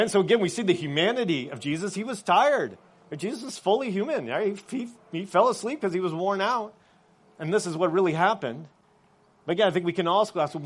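A man preaching a sermon in a conversational way, often checking in with his listeners and dropping soft and quiet on reflective points. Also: sits high, slightly rough. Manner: conversational, often adds "right?" as a tag. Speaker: pastor.

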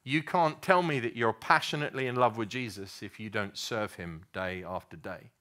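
Earnest male preacher, bright voice. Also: on the low side, moderate pace. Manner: storytelling, earnest, with many restarts and fillers. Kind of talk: sermon.

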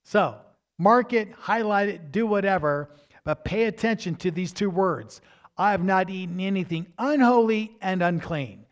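A male preacher with a high voice teaches from scripture at an unhurried pace. He drives home his key words with emphasis and breaks off for quick asides to his listeners. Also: lively intonation. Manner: emphatic, rises in pitch to stress key words; asides to the congregation, asks "right?". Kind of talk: sermon teaching.

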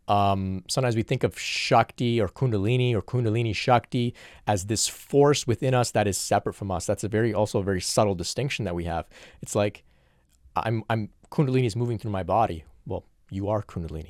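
A man's voice: fairly low pitch, darkish tone, no room sound, clean studio sound. A man in an earnest, reflective solo question-and-answer talk, working through spiritual questions from viewers.

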